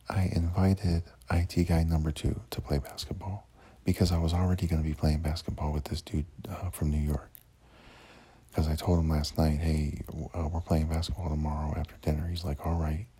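A man's voice: rumbling low, dark tone, slightly rough. A man casually telling a rambling, profane story about his day, full of fillers and restarts.

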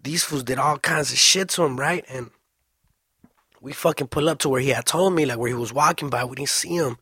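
Husky-voiced man telling a story. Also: mid-range voice, no room sound, studio quality. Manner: slangy, profane, fast and animated. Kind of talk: casual storytelling.

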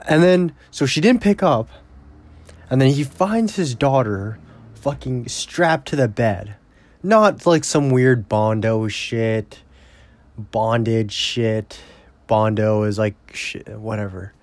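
A man rambles through a movie recap in a casual, foul-mouthed way. He talks at a slow, drawn-out pace with a mid-range voice. The sound is dry and close, with no room echo. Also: mid-range voice. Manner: profane, blunt and rambling. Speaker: movie reviewer.

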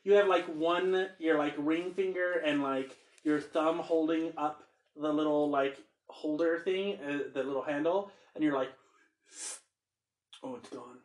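A man's voice: a little high, steady tone, measured pace, few pauses, roomy sound, low-quality recording. A man narrating a tabletop game as game master, loose and chatty with many fillers.

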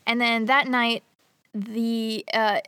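A woman's voice: fairly high pitch, little pitch movement, slow pace, pushed and bright, smooth, dry recording. A young woman casually retelling a movie plot to a co-host, chatty and giggly, acting out the characters' lines. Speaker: podcast co-host.

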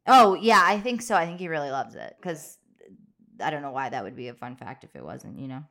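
Chatty young woman, lowish voice. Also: lively intonation, fairly quick. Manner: chatty, lots of fillers, trails off softly. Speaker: podcast co-host. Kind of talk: casual film discussion.

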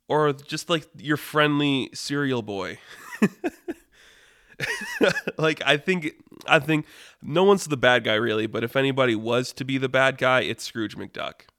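A man telling an improvised story casually, rambling and animated with lots of fillers. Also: mid-range voice, clean tone, no echo. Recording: dry close mic.

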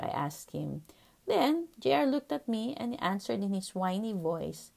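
Woman in her 40s hosting a podcast, earnest storytelling, some fry in her voice, middle pitch. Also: measured pace. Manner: earnest, reflective, steady telling with soft fillers. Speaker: podcast host, pediatrician.

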